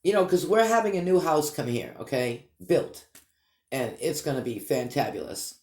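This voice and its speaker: Man, Boston accent, slightly high voice, rambling vlog chat, echoey room. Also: moderate pace, a little mellow. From Massachusetts. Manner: rambling, chatty, upbeat. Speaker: vlog host. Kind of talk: casual chat to viewers.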